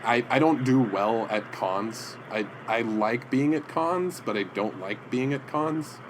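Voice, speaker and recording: A man with a middle-pitched voice chats casually as a podcast co-host, telling stories in a rambling, halting way. Faint ambience sits behind him in a room. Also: background noise. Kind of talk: casual chat. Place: indoor room with comic prints.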